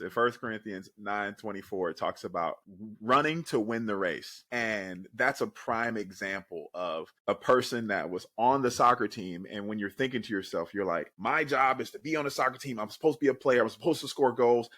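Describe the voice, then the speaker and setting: A young man co-hosting a podcast, telling stories with animated, motivational energy. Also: on the low side, normal speed, no echo. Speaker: podcast co-host. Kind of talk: casual chat.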